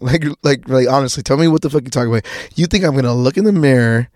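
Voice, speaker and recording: A young man hosts a podcast, rambling through a casual personal monologue full of restarts and offhand swearing. His voice sits in the mid-range and moves fast, recorded clean in a studio with no room sound.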